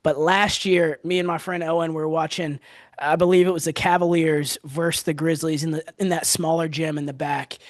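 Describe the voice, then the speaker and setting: A young man hosting a casual sports podcast, giving animated, quick analysis of trades. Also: a little high, dry recording, studio quality. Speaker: podcast host.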